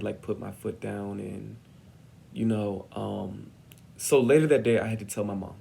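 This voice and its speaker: A young man recounting a personal story slowly, with a gravelly rasp to his voice. He tells it dramatically and animatedly, lingering on each moment. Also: lowish voice, slight background noise. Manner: animated, dramatic retelling with acted-out quotes. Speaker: vlogger.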